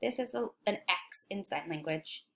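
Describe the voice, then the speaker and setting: A woman teaching a children's phonics lesson, speaking slowly and clearly, encouraging and asking young viewers questions. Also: medium pitch, expressive. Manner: slow, clear, encouraging, asks questions to kids.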